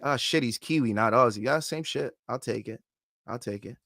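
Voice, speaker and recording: A man's voice: mid-range voice, normal speed, a bit bright, no room sound, clean studio sound. A man hosting a casual livestream, reading chat comments aloud, swearing freely and laughing often. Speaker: host.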